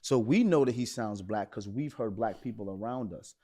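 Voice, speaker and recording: A man's voice: fairly low pitch, moderate pace, warm tone. A man from Brooklyn co-hosting a casual group discussion, pushing back emphatically and with animation. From Brooklyn, New York. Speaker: podcast co-host.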